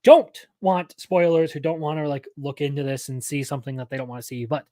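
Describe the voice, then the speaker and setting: A man's voice: fairly high pitch, steady tone, fairly quick, mellow, no room sound. A young man hosting a live anime news stream, talking casually and rambling, often correcting himself mid-sentence.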